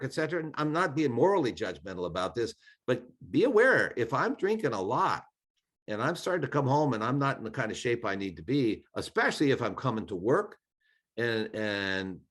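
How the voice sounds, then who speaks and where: A man, a former congressman, speaking in an online training talk, giving earnest advice with frequent restarts. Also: medium pitch.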